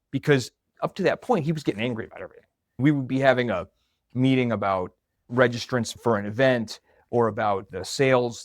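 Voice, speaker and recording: A man's voice: medium pitch, dry recording, studio quality. A man, probably middle-aged, telling a personal story in a conversational, reflective way. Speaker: marketing coordinator.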